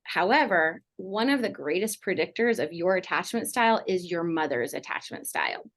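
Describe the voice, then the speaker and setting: A woman's voice: fairly low pitch, big pitch swings, moderate pace, fairly bright tone. A middle-aged woman counselor talking casually on a podcast, rambling with many fillers like "like" and "you know". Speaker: mental health counselor guest.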